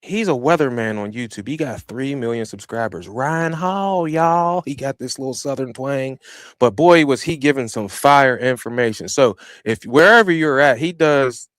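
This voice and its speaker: A man hosting a lawn care podcast, chatting casually from his own small studio. He talks with energy and street slang, and his voice jumps between loud hype and quieter asides. The sound is dry and close to the mic. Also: medium pitch, normal speed, dry recording. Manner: animated storytelling with slang and shifts in loudness. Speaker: podcast host. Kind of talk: casual chat. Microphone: studio microphone he operates himself.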